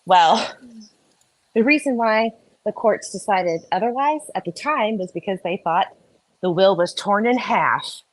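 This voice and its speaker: A woman's voice: mid-range voice, animated, a little slow, no room sound, poor audio. A woman who works as an accountant, explaining things in a casual, meandering way as a guest.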